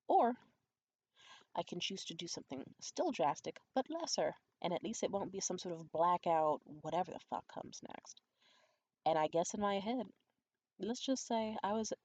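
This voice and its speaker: Through dull audio, a young adult woman vlogger with a gravelly voice shares a candid, profane storytime in a conspiratorial tone. When quoting people, she acts their voices out high and loud.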